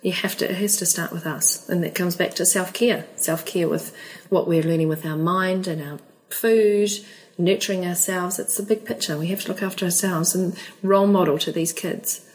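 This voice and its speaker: A woman with a New Zealand accent, a podcast guest speaking calmly and earnestly in a soothing, almost meditative way. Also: on the low side, moderate pace, poor audio. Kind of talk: casual interview chat.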